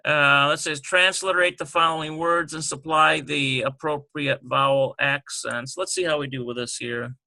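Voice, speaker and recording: A man teaching a relaxed language lesson, working through words slowly and thinking aloud with many fillers. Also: a little high, creaky. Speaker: Hebrew teacher.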